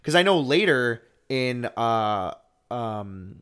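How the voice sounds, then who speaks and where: A man's voice: mid-range voice, lively intonation, slow pace, a bit bright, smooth. A man co-hosting a podcast, talking in a casual chat style, rambling with lots of fillers and restarts. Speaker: podcast co-host.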